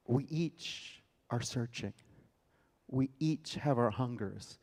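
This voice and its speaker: A male theater director, medium-pitched and slow-paced, gives a lecture in a lecture hall. He retells a story dramatically, with loud bursts that come out of nowhere.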